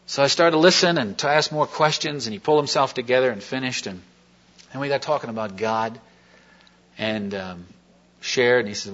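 Male preacher, mid-pitched, folksy rambling storyteller, dull lo-fi tape. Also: fairly quick, fairly bright tone. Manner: rambling, folksy, with many fillers and restarts. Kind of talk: sermon testimony, conversational storytelling. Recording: dull lo-fi recording.

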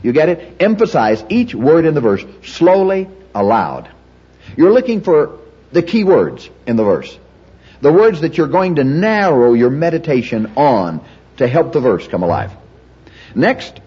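A man delivers a teaching sermon in a breathy, husky voice. He speaks emphatically and repeats phrases with the stress moved from word to word, his pitch rising and falling widely. The recording sounds dull and lo-fi. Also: a little mellow. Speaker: preacher teaching Bible study.

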